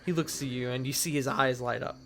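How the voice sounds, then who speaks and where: A man's voice: mid-range voice, steady tone, a little fast, a bit bright, slight background noise. A man narrating a tabletop game as game master, in loose, rambling narration with frequent restarts.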